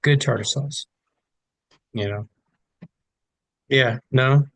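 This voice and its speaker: A man's voice: mid-range voice, takes it slowly, fairly bright tone, no echo. A middle-aged man co-hosting a podcast, easygoing and a bit hesitant, repeating words as he thinks. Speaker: podcast co-host. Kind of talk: casual chat.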